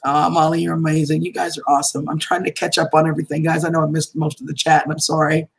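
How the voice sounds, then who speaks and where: A woman's voice: sits low, level tone, fast, vocal fry, breathy edge, rough recording. A woman, chatting casually on a livestream, reading out viewer comments and laughing often. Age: 50s. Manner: warm and affectionate with viewers, laughs often, calls them honey and sweetheart. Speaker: livestream vlogger.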